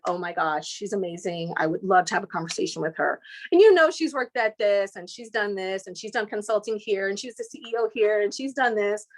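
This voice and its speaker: The speaker is a woman from Inglewood, California, a guest in an interview. She tells stories animatedly, doing lively imitations of voices and leaping rapidly between pitches.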